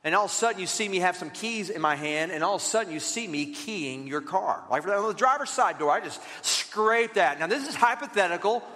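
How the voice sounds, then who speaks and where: A man preaching as a pastor, telling a parable in an animated storytelling way and acting out the voices of its characters. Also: sits high, brisk, few pauses, big-room sound. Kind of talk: sermon.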